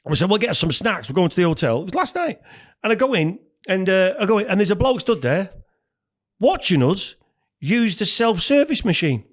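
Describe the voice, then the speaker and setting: High, wildly expressive male podcast co-host. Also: normal speed. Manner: sweary, exasperated ranting with mimicked robot prompts. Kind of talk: casual chat.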